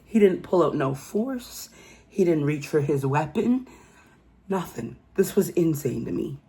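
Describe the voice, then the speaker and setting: Gravelly woman recapping true crime. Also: low-pitched, expressive, measured pace, warm tone. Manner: emphatic, incredulous storytelling with frequent "okay?". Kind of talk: casual true crime commentary.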